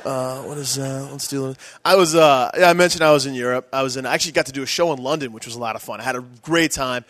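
Fast, rambling male stand-up comic. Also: medium pitch, fairly bright tone, dry recording. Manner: rambling, self-mocking, crude. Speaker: stand-up comedian. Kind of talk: stand-up comedy set. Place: comedy club stage.

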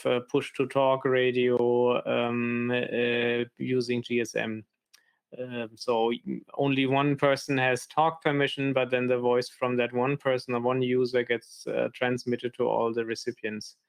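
A man's voice: medium pitch, creaky, clean tone. A man presenting a technical talk on a developer video call, hesitant and full of fillers.

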